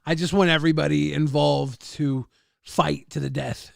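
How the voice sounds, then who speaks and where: A man's voice: a little high, steady tone, moderate pace, gravelly, no echo, clean studio sound. A man streaming live, mocking a video with sarcastic, profane commentary.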